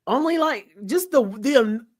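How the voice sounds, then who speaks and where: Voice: high voice, lively intonation, moderate pace. A podcast co-host musing and rambling casually, with hesitant restarts. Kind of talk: casual chat.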